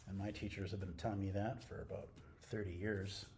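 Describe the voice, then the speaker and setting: Leading a retreat dharma talk, this middle-aged Zen teacher keeps things close and playful, alternating near-whispers with bursts of excitement. He speaks fairly quickly in a voice on the low side, against slight background noise.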